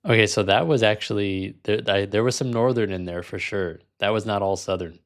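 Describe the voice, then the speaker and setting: A man's voice: fairly low pitch, a little fast. A man hosting a vlog, talking casually with lots of fillers and restarts. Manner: casual, many fillers, self-correcting. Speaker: vlog host, language learner. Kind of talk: casual chat.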